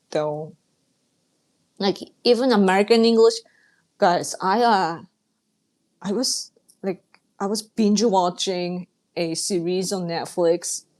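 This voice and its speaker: Slow-talking woman streamer. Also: on the low side, darkish tone. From Japan. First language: Japanese. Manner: chatty, laughs often, clears throat a lot. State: dry throat. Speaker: livestreamer reading chat. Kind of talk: casual live-stream chat.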